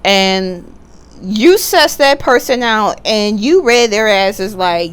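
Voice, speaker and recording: A woman's voice: medium pitch, lively intonation, slow, a little hiss or hum. A woman giving a casual tarot reading at home, chatty and blunt, swearing freely and laughing often. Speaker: tarot reader. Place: at home, sitting back in a computer chair.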